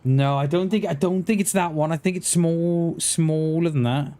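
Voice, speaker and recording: A man with a fairly high pitch and a dark tone chats with his audience at normal speed as he streams a survival game. His casual talk wanders, and he often starts his words over again.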